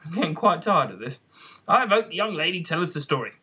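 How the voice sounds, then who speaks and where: A reader voicing the March Hare as a meek, dull-witted animal in a squeaky, strained voice, in an amateur audiobook. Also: sing-song, fast, pushed and bright, breathy edge, heavily acted. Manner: meek and plaintive.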